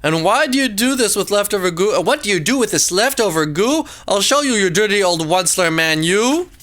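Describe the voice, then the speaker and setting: A man doing the high scolding Lorax. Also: expressive, fairly quick, fairly bright tone. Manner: high scolding with coughs and snuffles. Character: fussy old male Lorax, scolding.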